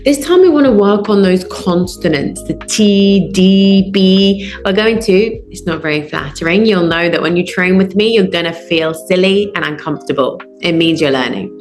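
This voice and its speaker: A woman's voice: on the low side, expressive, a little fast, hardly any pauses. A woman voice coach talks a class through a breathing drill over a video call. She is encouraging and instructive and counts the breaths aloud. The room is echoey, with faint music underneath. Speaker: voice and public speaking coach. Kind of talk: guided breathing lesson.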